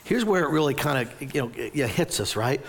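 A man in his sixties preaching a sermon. He tells stories with lively energy, often restarting his sentences and asking rhetorical questions. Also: mid-range voice, brisk, creaky. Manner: animated storytelling with repeated restarts and rhetorical questions. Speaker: pastor.

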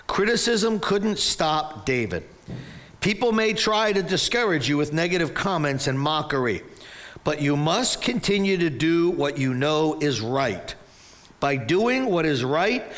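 A man in his sixties delivers a sermon in a slightly high voice. He is animated and storytelling, stumbling over restarts and tossing out rhetorical questions to his listeners. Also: unhurried. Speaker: pastor.

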